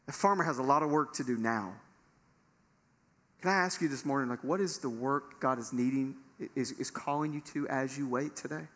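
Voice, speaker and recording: A man's voice: mid-range voice, moderate pace, a bit bright. A man preaching a sermon to his congregation in a conversational way that builds to emphatic peaks. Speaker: pastor. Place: large church hall. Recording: long reverb of a large hall.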